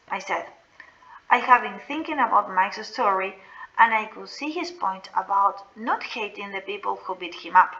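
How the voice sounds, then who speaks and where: A woman reading a novel aloud in a slow, deliberate way. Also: medium pitch, pushed and bright, muffled recording. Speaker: reader.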